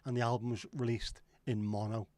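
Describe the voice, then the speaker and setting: Middle-aged man hosting a casual stream, mid-pitched, chatty and sweary, dry close sound. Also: flat delivery, fairly quick, a little mellow, no room sound. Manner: rambling, sweary, reads out chat comments. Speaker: livestream host. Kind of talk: casual livestream chat.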